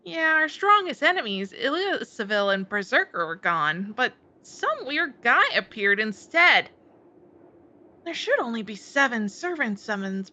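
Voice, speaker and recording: A woman voicing a proud, sharp-tongued teenage girl mage, reading a visual novel aloud in a scolding, exasperated way. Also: a little high.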